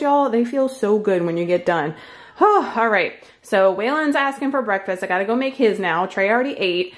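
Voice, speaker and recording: A woman in her thirties vlogging from home, chatting straight to her followers in an emotional, effusive way. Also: mid-range voice. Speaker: fitness and keto vlogger. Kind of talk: casual vlog chat.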